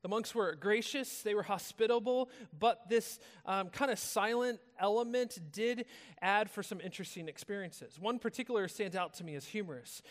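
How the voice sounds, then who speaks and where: High-voiced American man preaching in a hall. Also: moderate pace. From United States. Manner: casual storytelling, conversational. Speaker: pastor. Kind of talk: sermon. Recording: long reverb of a large hall.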